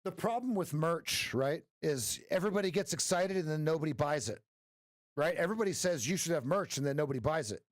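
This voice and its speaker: A man coaching live trades on a stream, talking straight to viewers and checking in with a quick "right?". His voice sits a little high and is starting to go hoarse. The sound is close and dry, with no room around it. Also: no echo. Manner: energetic, talks straight to viewers with frequent "right?". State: losing his voice. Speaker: trading coach. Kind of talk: live-stream trading commentary.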